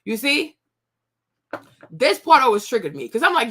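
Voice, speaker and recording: A woman in her thirties hosting a commentary show, talking casually to viewers, animated and repetitive, often laughing. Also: on the high side, a little fast, breathy edge.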